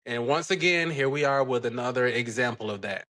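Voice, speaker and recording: A man's voice: mid-range voice, fairly quick, sharp tone. A man co-hosting a recap show in a laid-back, casual way, quoting the cast as he talks. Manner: laid-back, many fillers, quotes the cast. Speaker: podcast co-host.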